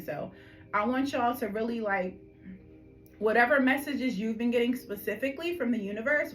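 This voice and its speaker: A woman with a Philadelphia accent leads a collective tarot reading, her voice sitting on the higher side. She is chatty and affectionate, calling listeners honey and my love and tossing in "okay?" as she goes. Faint music plays underneath. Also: poor audio. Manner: animated, emphatic, frequent "okay?" check-ins. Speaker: tarot reader.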